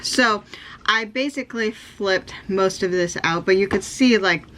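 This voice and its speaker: Chatty, bright-voiced American woman. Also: medium pitch, a little slow, slight background noise. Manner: chatty, upbeat, rambling with many ums. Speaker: sewing vlogger. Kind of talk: casual how-to chat.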